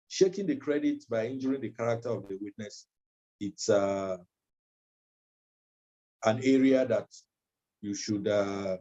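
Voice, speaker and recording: A man gives a legal training lecture in a measured way, often pausing with ums and uhs. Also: medium pitch, mellow. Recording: dull lo-fi recording.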